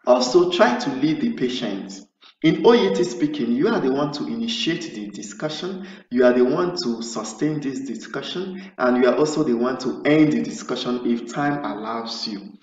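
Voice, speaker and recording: In a spoken lesson, a man tutors nurses for an English speaking exam, explaining step by step, often restarting his phrases, and acting out sample nurse-patient dialogue. His voice is medium-pitched, lively in intonation and a little mellow, at a normal speed. The recording sounds roomy, distant and dull.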